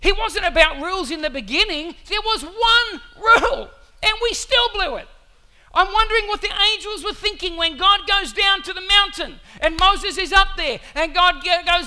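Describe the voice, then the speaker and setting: A man preaching a sermon, telling a story in an animated way with asides to the congregation. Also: very high voice, normal speed. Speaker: pastor.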